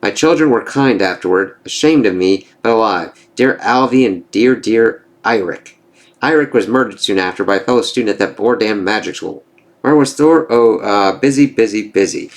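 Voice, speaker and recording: A man's voice: on the low side, normal speed, lightly acted. A man reading the lines of a bitter, mocking female enchantress from a comic, in a sarcastic, scornful way.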